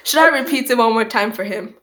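A young woman co-hosting a podcast, chatting casually with teasing, deadpan jokes. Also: on the high side, quick pace, background noise. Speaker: podcast co-host. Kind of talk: casual chat.

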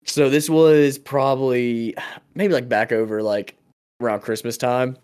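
A man's voice: mid-range voice, steady tone, measured pace, a little mellow, clean tone. A young man co-hosting a casual podcast, telling a story in a laid-back way with lots of fillers and laughs. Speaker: podcast co-host. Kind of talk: casual chat.

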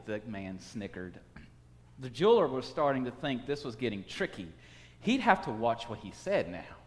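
A man telling a story aloud, acting out the dialogue in an animated way. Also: medium pitch, normal speed. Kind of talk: spoken storytelling. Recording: long hall reverb.

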